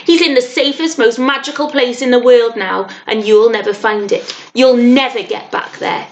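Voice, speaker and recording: A woman voicing a brave, defiant young boy in a children's storybook, speaking high and emphatically. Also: big pitch swings, slow pace, slight background noise, low-quality recording.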